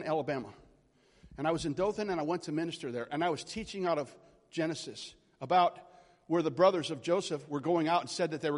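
Male preacher, forties, high voice, storytelling sermon that builds to loud calls, reverberant hall. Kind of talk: charismatic sermon.

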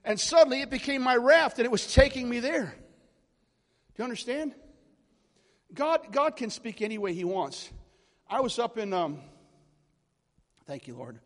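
Male preacher, forties, high voice, storytelling sermon that builds to loud calls, reverberant hall. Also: lively intonation, moderate pace, pauses often. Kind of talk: charismatic sermon.

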